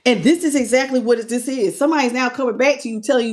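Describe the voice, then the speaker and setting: A woman giving a live tarot reading, talking in an animated, conversational way and greeting viewers as they join. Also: on the high side, racing, few pauses. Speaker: tarot reader.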